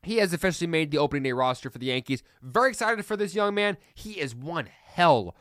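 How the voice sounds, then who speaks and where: A man's voice: on the high side, animated, fast talker, fairly bright tone, dry recording, clean studio sound. A young man hosting a casual solo sports podcast, opinionated and ranting with heated outbursts.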